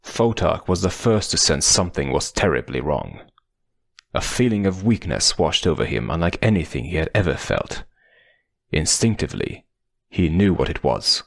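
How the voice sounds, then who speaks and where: Deep gravelly male audiobook narrator. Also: dry recording, studio quality. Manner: measured, dramatic storytelling. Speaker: audiobook reader.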